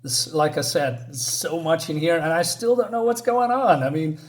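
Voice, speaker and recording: A man's voice: fairly high pitch, moderate pace. A man giving a casual spoken comic book review, rambling with lots of fillers and restarts.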